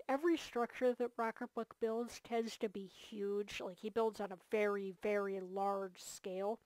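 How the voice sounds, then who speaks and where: A woman narrates a casual gameplay tour, gushing about everything she sees and stacking up fillers as she goes. Her voice sits at a middle pitch and sounds tired. The close mic gives a dry, dead sound with no room around it. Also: no echo. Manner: enthusiastic and gushing, many fillers. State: tired, yawning. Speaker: host of a multiplayer game series.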